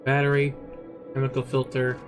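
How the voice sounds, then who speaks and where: A man's voice: medium pitch, completely flat delivery, moderate pace. A man streaming a horror game, muttering commentary to himself, swearing often and breaking into sudden outbursts. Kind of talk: casual gameplay commentary. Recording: game music under the voice. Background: game music.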